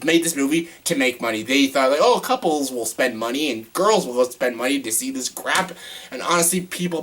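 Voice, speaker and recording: A man's voice: medium pitch, fairly bright tone, slight background noise. A young man giving a casual movie review, exasperated and ranting, with lots of "like" and frequent swearing. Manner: exasperated ranting, heavy use of "like", swears often.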